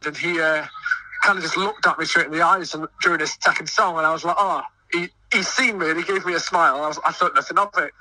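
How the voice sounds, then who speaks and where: Bright eager young man, distant line. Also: fairly high pitch, fairly even intonation, fast. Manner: eager, stumbling restarts. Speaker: choir singer and festival volunteer. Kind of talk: excited radio interview. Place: busy outdoor festival field.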